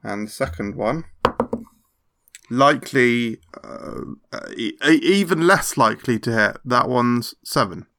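A man playing a tabletop game, talking slowly and laughing, stumbling over his words. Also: medium pitch, lively intonation, a bit bright. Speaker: player. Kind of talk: casual tabletop game play.

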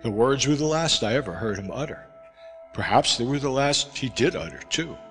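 A man narrating a classic sea novel aloud in an expressive storytelling manner. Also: medium pitch, normal speed. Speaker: audiobook narrator. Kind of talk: scripted narration. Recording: reverberant with music behind.

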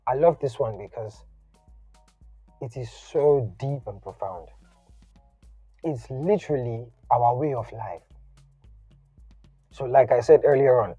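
A man giving a casual, conversational sermon, animated and slangy in his asides. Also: mid-range voice, takes it slowly, long pauses, breathy edge, dry recording. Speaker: preacher. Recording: dull lo-fi audio, faint music.

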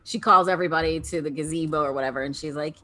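A woman in her thirties co-hosting a podcast in casual chat, animated and laughing often. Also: low-pitched, racing. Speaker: podcast co-host.

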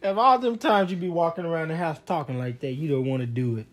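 A man's voice: a little high, fast talker, a bit bright. A man chatting casually with his child, teasing and joking in a loose, slangy way. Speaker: parent.

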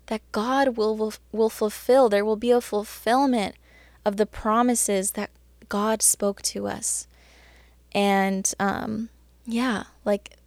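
Young woman, chatty devotional speaker, earnest and excitable, dry close mic. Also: mid-range voice, no echo. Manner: earnest and chatty, many fillers, excited about scripture. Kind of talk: casual Bible devotional talk.

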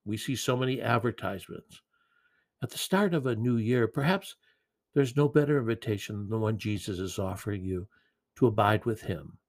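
A man preaching a sermon in an earnest, gentle way, with occasional repeated words. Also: lowish voice, moderate pace.

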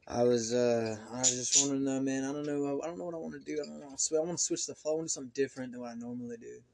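A man's voice: medium pitch, fairly even intonation, rapid-fire, creaky, crowd noise. A man rambling in a hesitant, profane way on a casual podcast, with lots of filler words. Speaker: podcast co-host.

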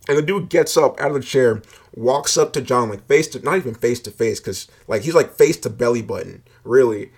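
A man's voice: medium pitch, a little fast, hardly any pauses, slightly rough. A man telling a personal story in a casual, rambling way, full of filler words and swearing.

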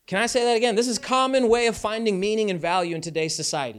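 A man preaching a sermon as a pastor, talking in a conversational, animated way with casual asides. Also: sits high, fairly quick, few pauses.

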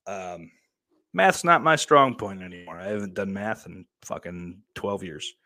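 A man's voice: low-pitched, measured pace, bright, forceful tone, no room sound. A man in his thirties hosting a podcast in a casual, rambling monologue, swearing often and full of fillers. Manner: profane, rambling, heavy on fillers. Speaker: podcast host.

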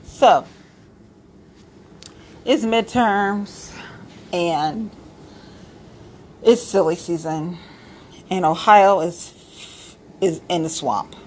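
A woman's voice: lowish voice, extremely slow, long pauses, a little hiss or hum. A woman talking bluntly about local politics in a casual, sassy, profane rant, stressing her points and repeating them. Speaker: political commentator.

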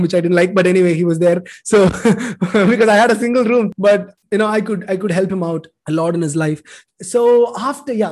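High-voiced man giving earnest testimony. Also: darkish tone. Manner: earnest, emotional storyteller. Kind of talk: personal testimony sermon.

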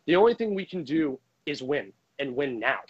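A man with a high voice rants heatedly about hockey as a frustrated fan, swearing freely. He speaks into a microphone. The recording sounds dull and lo-fi. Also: big pitch swings, moderate pace, husky. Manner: heated, profane, frustrated ranting. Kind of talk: ranting sports commentary.

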